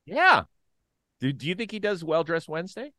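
A man co-hosting a baseball talk show, chatting casually, swinging from loud jokes to mumbled asides. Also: on the high side, big pitch swings, normal speed, no echo.

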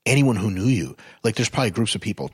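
Blunt, profane man with a husky voice. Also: fast talker, no echo, clean studio sound. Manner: blunt, profane, swears freely; animated and explanatory, swings up in pitch when fired up. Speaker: podcast guest. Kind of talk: casual podcast chat.

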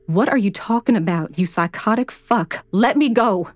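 A woman's voice: mid-range voice, moderate pace, no echo, soft background music, natural voice. A woman voicing a defiant captive woman. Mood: furious. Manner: pleading, then angry.

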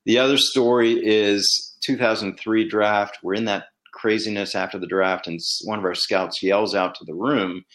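Low-voiced man telling sports stories. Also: steady tone, moderate pace, hardly any pauses, fairly bright tone. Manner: conversational storyteller, acts out quoted dialogue with rising pitch. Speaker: former team executive turned commentator. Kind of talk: casual solo commentary.

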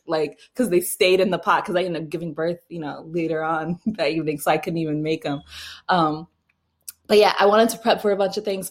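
A young adult woman telling a personal story casually, with frequent laughs, fillers and restarts. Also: lowish voice. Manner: chatty, laughing often, many fillers and restarts. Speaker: mother telling her birth story.

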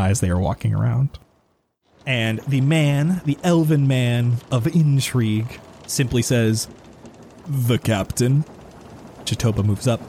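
A man running a tabletop game as game master, narrating in a steady, descriptive way. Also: lowish voice, a little hiss or hum.

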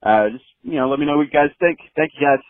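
A man's voice: on the high side, quick pace, no echo. A man leaving a rambling, casual voicemail for a podcast, full of "you know". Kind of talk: voicemail message. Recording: tinny phone line voicemail.

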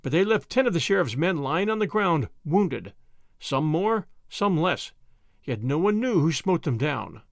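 Man, storybook narration, expressive and lilting, lively pitch, dry close sound. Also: unhurried, gravelly, dry recording. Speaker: audiobook reader.

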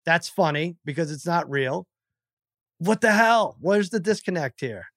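Wry teasing podcast co-host. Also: male voice, a little high, lively intonation, fairly bright tone, no echo. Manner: wry, quick teasing asides. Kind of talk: casual chat. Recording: dry close studio mic.

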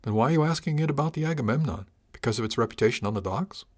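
A man's voice: medium pitch, lively intonation, very fast, natural voice. A man voicing a frank, teasing female officer. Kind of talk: audiobook character reading.

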